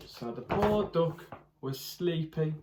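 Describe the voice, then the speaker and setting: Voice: medium pitch, background noise. Teacher reading a storybook aloud. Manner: pauses to ask young listeners questions; reads with expressive character voices and animal noises. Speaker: primary school teacher. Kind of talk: reading a picture book aloud to children.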